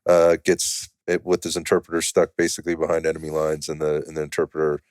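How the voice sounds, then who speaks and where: A man hosting a podcast with a low, deep voice, chatting casually and affirming his guest. The sound is close and dry, and he keeps things easy with short reactions and laughs. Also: completely flat delivery, fast, darkish tone, clean tone, no room sound. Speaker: podcast host.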